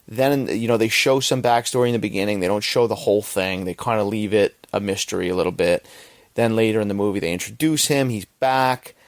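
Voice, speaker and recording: A young podcast host talks through a film review in loose, rambling fashion, swearing freely and punctuating points with "right?". His voice sits low with a gravelly rasp. The sound is dry and close. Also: a little fast, no echo. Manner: rambling, profane, frequent "right?". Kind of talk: casual movie review.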